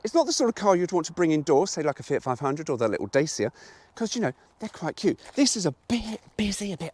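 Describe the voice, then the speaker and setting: A man's voice: on the high side, sing-song, quick pace, a little mellow, no room sound. A British man talking his way through a car review while driving, frank and rambling, swearing freely. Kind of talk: casual driving vlog. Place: inside a moving car. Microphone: GoPro camera.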